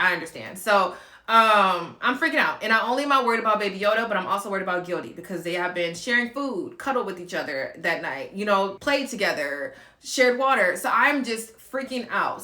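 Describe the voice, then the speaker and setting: A woman's voice: mid-range voice, bright, forceful tone. Tearful woman in an echoey room. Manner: tearful, shaky, many fillers and restarts. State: close to tears. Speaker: vlogger telling a personal story. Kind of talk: emotional storytime vlog.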